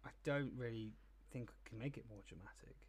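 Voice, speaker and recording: A man's voice: medium pitch, a little fast, husky. A man co-hosting a casual podcast, reluctant and self-deprecating as he reads a synopsis aloud. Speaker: podcast co-host. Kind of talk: casual chat, reading aloud.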